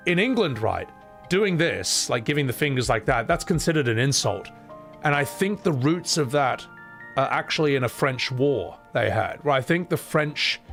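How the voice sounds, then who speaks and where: A male streamer riffing with his chat in a loose, joking way, cursing freely as he goes. His voice swings up and down a lot as he talks. Soft music runs faintly in the background. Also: mid-range voice. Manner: animated, joking, swears freely. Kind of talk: casual chat with a live chat.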